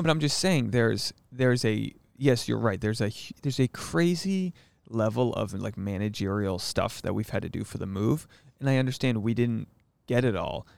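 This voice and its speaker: A man in his thirties with a low, creaky voice co-hosts a casual couple's podcast at normal speed in a dry recording. He jokes around, gets defensive, and laughs often.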